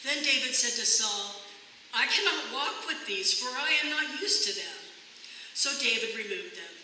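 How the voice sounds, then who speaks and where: Bright scripture reader in echoey church. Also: medium pitch, animated, moderate pace, recorded from a distance, slight background noise. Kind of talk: reading scripture aloud. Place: church sanctuary. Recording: echoey church hall from afar.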